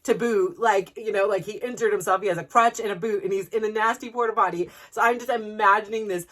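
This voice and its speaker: A woman in her forties hosting a podcast, telling a personal story in a casual, animated way, laughing often and restarting her sentences. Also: medium pitch, fast. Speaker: podcast host.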